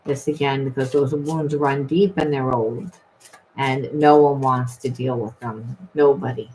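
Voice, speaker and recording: A woman's voice: very deep voice, fairly even intonation, unhurried, a little mellow, slight background noise, rough recording. A woman giving a rambling, emphatic spiritual reading, full of restarts and repeated phrases. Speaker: tarot reader.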